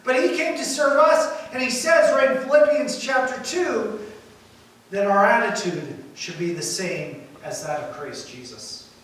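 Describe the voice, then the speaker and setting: Male pastor, emphatic sermon, fairly high voice, faint room hum behind. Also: unhurried. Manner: emphatic, builds to loud points then drops quiet. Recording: echoey hall from far off.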